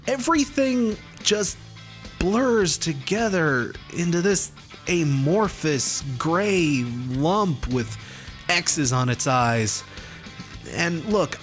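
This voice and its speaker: An exasperated man grumbles his way through a profane comedic music review. He talks slowly, sits a little high in pitch, and keeps swearing in disgust while faint music plays under his voice. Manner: exasperated, swearing, deadpan complaints. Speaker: album review host.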